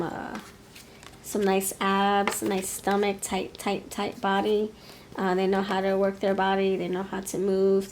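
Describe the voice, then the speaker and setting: A woman's voice: medium pitch, a little mellow, slight background noise. A woman giving a pick-a-card tarot reading, musing and hesitant, often laughing. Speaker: tarot reader.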